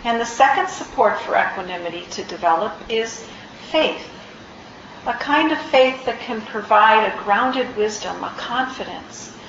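A woman's voice: a little high, animated, a bit bright, slight background noise. Reflective woman giving a dharma talk. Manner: reflective, unhurried, frequent ums and restarts. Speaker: meditation teacher. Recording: roomy, slightly dull recording.

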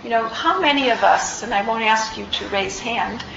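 A woman giving a dharma talk as a meditation teacher, reflective and unhurried, with frequent ums and restarts. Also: fairly high pitch, gravelly, background noise. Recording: roomy, slightly dull recording.

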